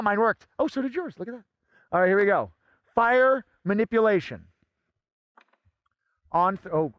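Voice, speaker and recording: A fire performer talks his way through a comic act in a high, bright voice, theatrical and bossy. His pitch jumps around constantly and sometimes breaks into shouting. The sound is close and dry. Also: big pitch swings, normal speed, pauses often, no echo. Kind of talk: comic stage patter.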